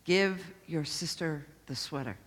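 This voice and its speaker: A woman voicing a tired, weary mother speaking softly and low on the phone. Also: measured pace, long reverb tail. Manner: soft, low, worn-out pleading.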